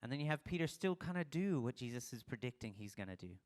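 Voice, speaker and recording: Pastor preaching in a casual, storytelling way. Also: male voice, medium pitch, very animated, fast, a little mellow. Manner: conversational, acts out quoted dialogue. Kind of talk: casual sermon.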